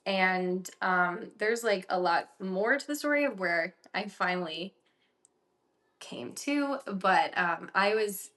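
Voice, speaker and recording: A woman's voice: mid-range voice, lively intonation, takes it slowly, a bit bright. A young woman co-hosting a casual podcast, telling a personal story animatedly with lots of "like" fillers. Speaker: podcast co-host.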